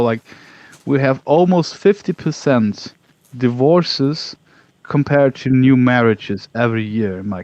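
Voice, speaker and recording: A man co-hosting a casual stream in a rambling, mocking way. His mid-pitched voice comes through a dull, muffled mic with a dry, close sound. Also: darkish tone, no echo. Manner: rambling, mocking, reads out chat questions. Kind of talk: casual political chat.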